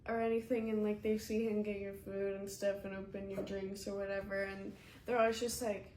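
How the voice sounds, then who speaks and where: A woman's voice: medium pitch, level tone, a little fast. A young woman in her twenties chatting on a podcast with a friend, teasing and playful. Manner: teasing, playful, bursts into yelling. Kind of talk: casual podcast chat. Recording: echoey room, faint background noise.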